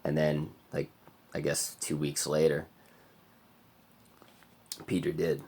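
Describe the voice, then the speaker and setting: A man giving a rambling, halting confessional monologue for his vlog, heavy on filler words, who sometimes drops to a murmur. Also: extremely low pitch, monotone, darkish tone, slight background noise. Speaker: vlogger.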